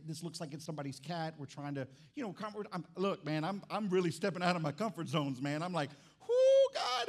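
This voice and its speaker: A middle-aged man preaching a sermon as pastor, animated and comic, swinging between loud bursts and quiet asides while telling a story. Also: on the high side.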